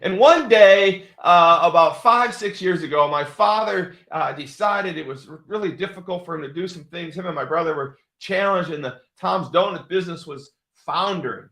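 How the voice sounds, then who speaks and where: High-voiced man in his sixties, emphatic. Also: moderate pace, few pauses. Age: 60s. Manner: emphatic, repetitive, bursts into loud excited exclamations. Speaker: show host. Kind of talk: motivational storytelling talk. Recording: roomy echo.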